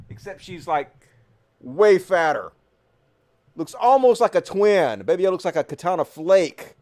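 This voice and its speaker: A man's voice: on the high side, animated, fairly quick, darkish tone. A man hosting a live commentary show, ranting sarcastically and swearing a lot. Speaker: host.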